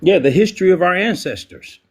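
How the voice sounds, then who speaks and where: A man takes his turn in a live online debate with a husky, slightly breathy voice. He talks with swinging, animated pitch and raw passion. His thoughts come in halting bursts broken up by fillers. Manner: passionate, emotional, many "um" pauses. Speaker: debate panelist.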